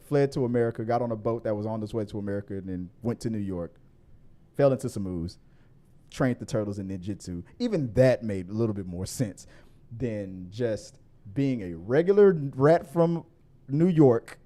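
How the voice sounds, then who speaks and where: A man hosts a casual movie review show in a mellow, darker voice. He rambles and restarts his sentences often, his pitch sitting at an ordinary middle level. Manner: rambling, many restarts, grows more animated and louder. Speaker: podcast host.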